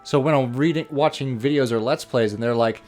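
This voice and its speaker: A man's voice: mid-range voice, fairly quick, darkish tone, soft background music. A man co-hosting a game playthrough, telling stories casually, swearing freely and slipping into funny voices. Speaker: co-host of a gameplay series. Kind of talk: casual chat over gameplay.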